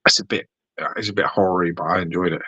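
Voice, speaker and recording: Very deep-voiced British man, swearing. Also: racing, breathy edge, no room sound, dull audio. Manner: animated ranting, swears freely. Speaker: podcast co-host. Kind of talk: casual chat.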